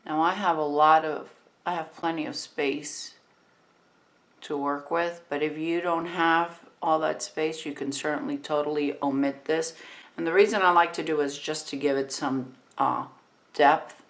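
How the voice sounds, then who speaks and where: A woman in her fifties with a New Jersey accent, talking through a makeup tutorial in a relaxed, chatty way while she works. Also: deep voice, measured pace. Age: 50s.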